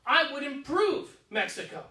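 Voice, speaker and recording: A man with a high, bright voice performs a goofy, excitable comic monologue, sprinkling "like" everywhere. He is heard from across a living room, so the sound is roomy and distant. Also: moderate pace. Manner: goofy, slangy and excitable, full of "like". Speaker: solo stage performer. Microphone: camera across the room.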